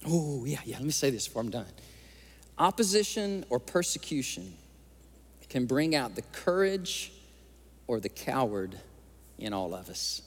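A man's voice: medium pitch, sing-song, a little slow, long pauses, breathy edge. A male pastor preaching an impassioned sermon in a church. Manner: impassioned preaching, tearful at times. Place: church sanctuary. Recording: long hall reverb.

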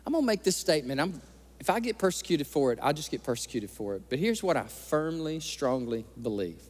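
High-pitched impassioned preacher. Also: male voice, sing-song, fairly quick, darkish tone. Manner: impassioned preaching, tearful at times. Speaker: pastor. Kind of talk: sermon. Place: church sanctuary. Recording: long hall reverb.

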